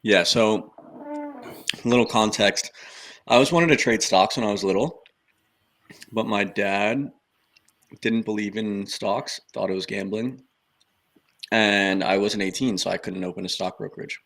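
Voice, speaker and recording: A man's voice: fairly low pitch, measured pace, long pauses, fairly bright tone. A man on a podcast casually telling how he got started, in loose, offhand, clipped sentences. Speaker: podcast guest. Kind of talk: casual storytelling chat.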